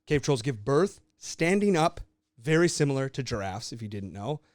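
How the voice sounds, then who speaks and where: A man's voice: mid-range voice, very animated, moderate pace, no echo, clean studio sound. A young man co-hosting a podcast, casually telling a made-up story in a loose, swearing, laughing way. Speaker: podcast co-host.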